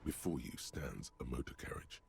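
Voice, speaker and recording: A man's voice: extremely low pitch, lively intonation, normal speed, creaky, noisy background, exaggerated voice. A man voicing a grave, brooding male narrator in a video game, with a solemn, ominous delivery.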